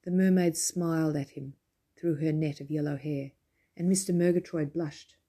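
Mellow, husky woman reading a children's story. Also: deep voice, steady tone, normal speed. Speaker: narrator.

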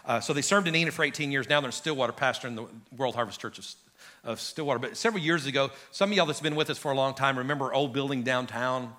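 A middle-aged pastor preaching an animated sermon to his church, calling out to the congregation and building to shouts. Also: mid-range voice, quick pace. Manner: animated, preaching with rising shouts and audience call-outs. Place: large church sanctuary.

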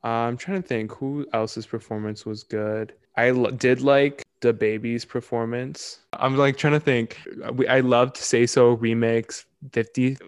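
A young man co-hosting a podcast in casual chat, talking in quick, animated bursts and laughing often. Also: mid-range voice, clear, resonant tone, no room sound, studio quality. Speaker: podcast co-host.

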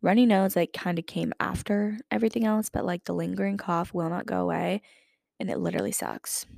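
A podcast host in her twenties chats casually, leaning on "like" and fighting a lingering cough. She sounds animated and fairly quick, her lowish voice darkish with vocal fry, in a clean studio recording with no echo.

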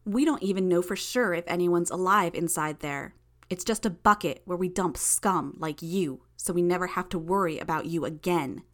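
A woman reading an audiobook, voicing an arrogant young female superhero who threatens loudly and with contempt. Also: on the low side, normal speed, hardly any pauses, lightly acted. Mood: threatening.

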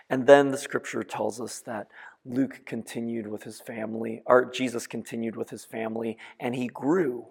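A man preaching a sermon, retelling a story in a reflective way that swings between soft and emphatic. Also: medium pitch, creaky, husky. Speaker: pastor. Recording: long echoing reverb.

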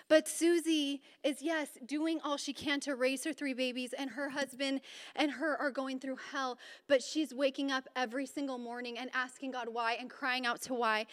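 A woman giving an informal, conversational sermon at a Bible study, animated and chatty, with sudden bursts of emphasis. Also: high voice. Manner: informal and chatty, with fillers and restarts. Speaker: women's Bible study speaker. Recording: reverberant hall sound.

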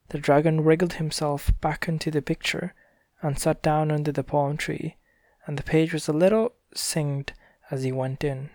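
Gentle man reading a bedtime story. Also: a little high, no room sound, studio quality. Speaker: reader.

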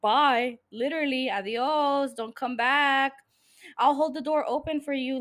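A woman with a high, lively voice rants alone into her podcast microphone. She is blunt and sarcastic and swears freely. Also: measured pace. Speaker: podcast host. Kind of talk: solo podcast rant. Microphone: studio microphone.

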